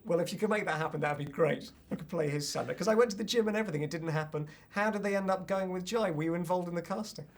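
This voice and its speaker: Man, British accent, radio host, higher-pitched, jokey, self-deprecating. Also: fast, few pauses. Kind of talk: casual radio interview.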